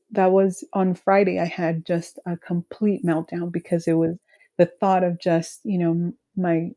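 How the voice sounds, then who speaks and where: Soft-spoken woman with a gravelly low voice. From California. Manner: halting, full of "you know" fillers, soft-spoken. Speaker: guest sharing her grief. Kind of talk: emotional personal conversation.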